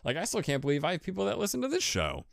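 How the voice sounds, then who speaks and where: A man's voice: a little high, huge pitch swings, racing, creaky, no echo, studio quality. A man hosting his own podcast in a casual solo monologue, rambling and poking fun at himself, often restarting and repeating words. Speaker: podcast host.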